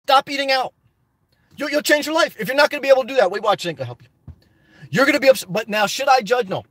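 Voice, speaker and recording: Guy with a really high voice doing a live chat stream, rambly and preachy, dry close sound. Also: rapid-fire, no echo. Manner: rambling, preachy and animated, laughs often. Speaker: livestream host reading viewer chat.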